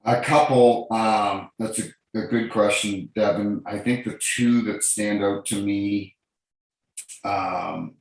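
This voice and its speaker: A man's voice: fairly low pitch, fairly even intonation, slow. A middle-aged man from New Brunswick, Canada, a former referee telling earnest stories in a casual interview over a video call. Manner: earnest, repeats and restarts phrases, tells anecdotes. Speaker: guest, former hockey referee. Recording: very echoey room.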